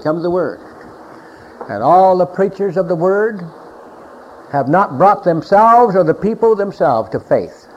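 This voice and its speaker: A man's voice: on the high side, darkish tone. Emphatic male preacher, dull lo-fi sound. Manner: emphatic, repeats phrases, rises and drops in volume. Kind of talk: sermon. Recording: dull lo-fi recording with faint hiss.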